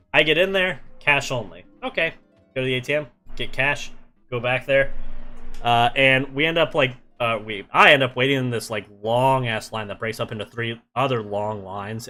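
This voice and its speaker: A man's voice: mid-range voice, sharp tone. A young man streaming while he draws, telling a travel story in a rambling, casual way with many fillers and restarts.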